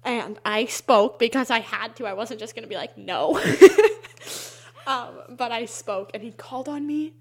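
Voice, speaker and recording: A woman's voice: a little high, normal speed, fairly bright tone, husky. A young adult woman telling a story in casual chat, with many fillers and frequent laughs. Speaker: interviewee.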